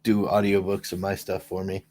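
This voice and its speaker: A man's voice: deep voice, completely flat delivery, normal speed, a little mellow. A man chatting on a podcast in an upbeat, joking way. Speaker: podcast guest. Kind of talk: casual chat.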